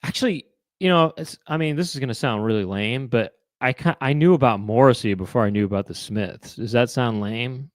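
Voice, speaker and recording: A man's voice: mid-range voice, brisk, no room sound, clean studio sound. A man hosting a live online chat show, musing aloud to viewers in a rambling way, with many fillers and restarts. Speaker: host.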